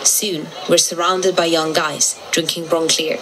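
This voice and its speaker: A woman giving measured, scripted documentary narration. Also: low voice, little pitch movement, very noisy. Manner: measured, informative. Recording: narration over loud music.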